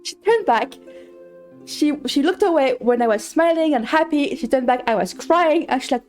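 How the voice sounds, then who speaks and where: A woman's voice: high voice, expressive, moderate pace, a little mellow, faint music behind. A woman streamer chatting casually while playing a farming game, telling a story with many restarts and repeats.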